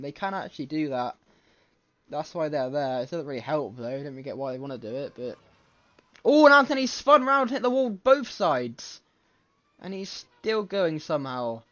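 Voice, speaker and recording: A man calls a race live from home late at night, excitable and quick to correct himself mid-sentence. His voice sits a little high and his throat is scratchy. The desk mic sounds slightly muffled and lo-fi. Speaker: race commentator. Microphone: desk microphone.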